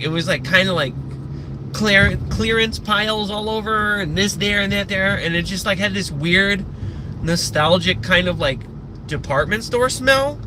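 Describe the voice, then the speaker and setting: A young man chatting casually on a live stream, rambling and swearing with lots of fillers, a bit out of breath. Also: high voice. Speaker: livestreamer. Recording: outdoor street noise behind.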